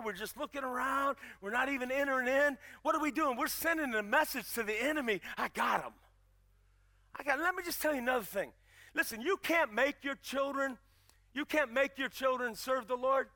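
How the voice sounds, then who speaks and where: High, bright-voiced preacher man. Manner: preaching with rising, emphatic storytelling. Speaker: pastor. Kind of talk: sermon.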